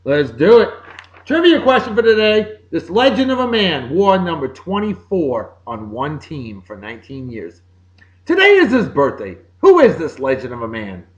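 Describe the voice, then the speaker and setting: A man with a Boston accent, somewhat high for a man, hosts a casual home-made show with jokey, upbeat, sing-song greetings. His pitch swings widely. The recording sounds dull and lo-fi. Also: huge pitch swings, normal speed. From Massachusetts. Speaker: podcast host. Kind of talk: casual birthday shout-outs.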